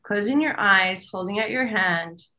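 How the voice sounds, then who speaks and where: A woman's voice: mid-range voice, lively intonation, moderate pace, sharp tone. A woman co-hosting a casual spiritual chat, relaying messages she hears and laughing often. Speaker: co-host and medium.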